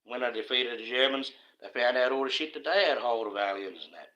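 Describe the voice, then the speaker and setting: A man's voice: medium pitch, brisk, sharp tone, muffled recording. An Australian man ranting on a live stream in a casual, profane, conspiratorial monologue, often breaking into laughter.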